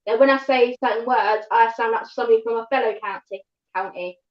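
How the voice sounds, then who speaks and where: A woman with a London-tinged southern English accent, chatting casually as a livestream guest and rambling quickly with restarts. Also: on the high side, fairly even intonation. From England, north of London. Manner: fast-talking, rambling with restarts. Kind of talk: casual chat. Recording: echoey, dull livestream audio.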